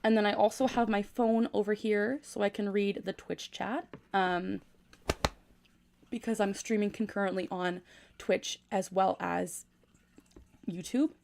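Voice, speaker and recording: Gravelly-voiced young woman livestreaming. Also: mid-range voice, steady tone, measured pace, a little mellow, a little hiss or hum. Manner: keeping her voice down at night. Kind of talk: casual livestream chat, reading comments. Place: her room at home at night. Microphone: gaming USB microphone.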